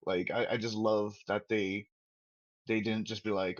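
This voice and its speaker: A man's voice: on the low side, moderate pace, creaky, lo-fi sound. A man who is a guest on a podcast roundtable, rambling and acting out quotes. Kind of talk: casual roundtable chat.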